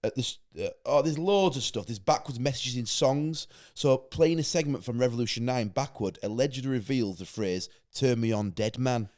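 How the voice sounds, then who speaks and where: A man co-hosting a podcast in casual chat, excitable and often restarting his sentences. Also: mid-range voice, moderate pace, hardly any pauses. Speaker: podcast co-host.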